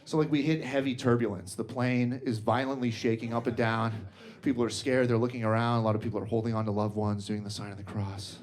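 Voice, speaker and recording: A man's voice: medium pitch, level tone, fast talker, a little mellow. A young man doing stand-up comedy on stage, talking conversationally with lots of "like". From Colombian parents, raised in the US. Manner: conversational, fillers like "like". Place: comedy stage before a laughing audience.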